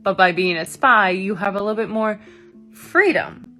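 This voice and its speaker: A woman's voice: medium pitch, normal speed, bright, forceful tone, faint music behind. A young woman giving a casual, enthusiastic literary analysis of a novel, talking chattily with lots of "like" and "you know". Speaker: book reviewer.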